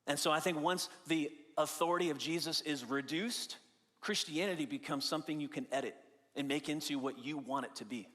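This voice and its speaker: Higher-voiced male pastor in a reverberant hall. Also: fairly even intonation, a little fast, a bit bright. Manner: conversational, explaining with everyday examples; emphatic, repeating key phrases. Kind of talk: sermon. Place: church sanctuary.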